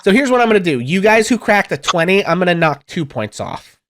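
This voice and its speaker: A game master running a tabletop game online, rambling and animated about the rules. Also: mid-range voice, a little fast.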